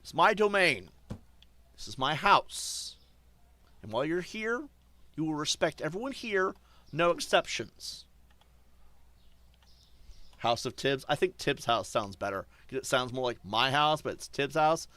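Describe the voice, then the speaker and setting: A male streamer ranting defiantly to his chat, swinging between loud outbursts and low muttering. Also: lively intonation, measured pace, long pauses, no room sound. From German. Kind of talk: casual stream rant.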